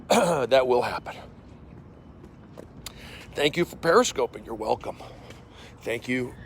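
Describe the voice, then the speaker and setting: A man in his forties, a comedian livestreaming from his phone while walking outdoors. He speaks in casual chat, reads viewer comments aloud, and coughs and clears an irritated throat. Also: mid-range voice, takes it slowly, a little hiss or hum. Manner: animated, jumping from loud bursts to mumbled asides.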